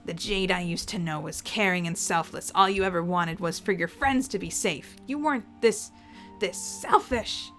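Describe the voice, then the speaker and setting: A woman's voice: fairly low pitch, moderate pace, a bit bright, soft background music, natural voice. A woman voicing a stubborn young man who earnestly accuses his family. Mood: accusing.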